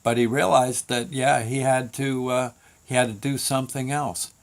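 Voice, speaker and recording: A male show host telling a long story in a relaxed, casual manner. He rambles, restarts his sentences and fills pauses with "uh" and "you know" as he goes. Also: medium pitch. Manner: rambling, many restarts and fillers.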